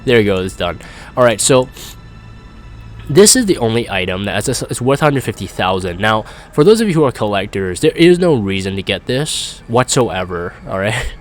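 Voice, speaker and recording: A man's voice: fairly low pitch, very animated, normal speed, faint music behind. A young man chatting casually as a gaming YouTuber, rambling and self-deprecating while reading live comments.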